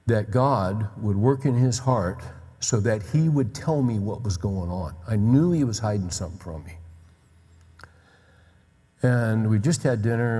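An older man preaching a sermon, telling personal stories with frequent halting fillers. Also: on the low side, warm tone. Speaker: pastor. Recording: long reverb of a large hall.

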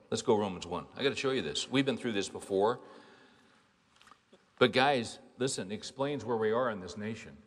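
The voice belongs to a male pastor, medium in pitch and a bit bright. Preaching a sermon in a reverberant hall, he is emphatic and conversational and leans on rhetorical questions.

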